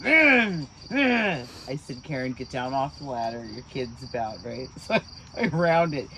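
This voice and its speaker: A woman in her sixties telling stories outdoors at night, her pitch rising and falling in a lively way as she acts out the voices she quotes. The recording is noisy, with crickets chirping steadily in the background. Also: a little slow. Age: 60s. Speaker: mother telling family stories. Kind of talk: casual chat.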